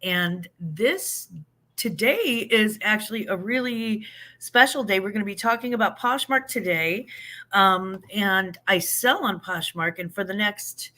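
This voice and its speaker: A woman's voice: mid-range voice, expressive, measured pace, pushed and bright. A woman guest on a live stream, cheerfully introducing herself and chatting casually. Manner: cheerful, laughs easily. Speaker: guest, online reseller.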